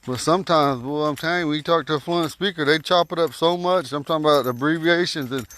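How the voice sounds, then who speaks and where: A man giving a casual, folksy language lesson while out walking at night, talking into a phone and repeating words slowly. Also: a little high, fairly bright tone, no echo. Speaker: language teacher. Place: outdoors at night on a walk.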